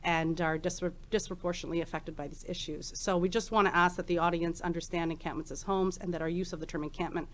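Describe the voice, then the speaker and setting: A woman's voice: fairly low pitch, steady tone, quick pace, few pauses, a bit bright, slight background noise. A woman in her forties presenting research at a conference in a chatty, informal way, with many ums and restarts, on a microphone in a conference room. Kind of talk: conference talk. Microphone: handheld microphone.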